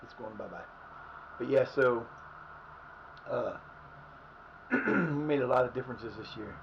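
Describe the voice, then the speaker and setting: A hoarse man streaming live at home who is losing his voice, rambling and swearing at his team as he plays a soccer management game. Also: mid-range voice, measured pace, highs cut off, noisy background. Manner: rambling, cursing at the players. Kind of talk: live gameplay commentary. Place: his house.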